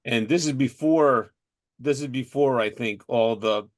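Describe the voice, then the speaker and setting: A middle-aged man hosts a podcast in a casual chat, with a voice of middle pitch. He tells his stories in an animated way and laughs as he goes. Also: unhurried. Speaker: podcast host, firefighter.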